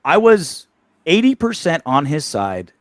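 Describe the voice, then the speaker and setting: A man's voice: on the high side, no echo, studio quality. A man co-hosting a sports podcast in casual chat, swearing and restarting his sentences a lot. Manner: animated, swearing, rapid restarts. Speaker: podcast co-host.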